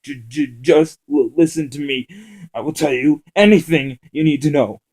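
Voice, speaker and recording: A man's voice: medium pitch, extremely slow, vocal fry, a little mellow, breathy edge, heavily acted. A man voicing a terrified male captive who stammers, sobs and begs for his life. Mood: panicked pleading. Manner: frantic, stammering, sobbing pleas. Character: panicked pleading male captive.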